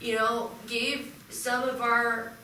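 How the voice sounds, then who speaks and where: A woman's voice: a little high, level tone, slow pace, sharp tone, distant mic, slight background noise. A woman playing a tipsy young college radio station manager, laid-back and rambling, in live improv comedy. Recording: roomy live stage recording from afar.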